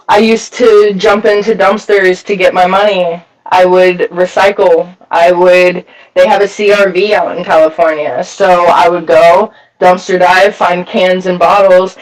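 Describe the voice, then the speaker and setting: A man's voice: high voice, little pitch movement, measured pace. A man giving candid personal testimony at a recovery meeting, telling his story bluntly with lots of swearing and filler words, his voice a bit far from the mic. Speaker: speaker sharing a recovery story.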